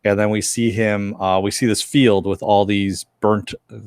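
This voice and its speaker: A man's voice: on the low side, little pitch movement, normal speed, darkish tone, clear, resonant tone, no room sound, studio quality. A man co-hosting a casual review chat, retelling scenes and acting out lines. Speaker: podcast co-host reviewing a TV episode.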